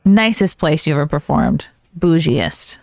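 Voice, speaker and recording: A woman hosting a casual comedy podcast chat, bubbly and jokey with quick interjections. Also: deep voice, expressive, a little mellow, no room sound, studio quality. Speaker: podcast host.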